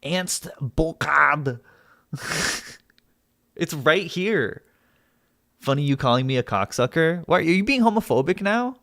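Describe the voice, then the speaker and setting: Male streamer in a heated back-and-forth with chat, exasperated and foul-mouthed, higher-pitched voice, dry close sound. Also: animated, unhurried, pauses often, a bit bright, dry recording. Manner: heated, exasperated, argumentative, swears a lot. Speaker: livestreamer. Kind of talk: live stream chat argument.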